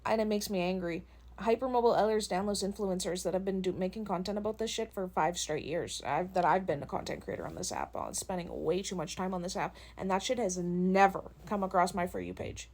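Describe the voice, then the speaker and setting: A woman's voice: lowish voice, brisk. A young woman and content creator venting in a casual vlog, telling stories with lots of swearing and laughter into a phone. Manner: profane, animated storytelling with laughs.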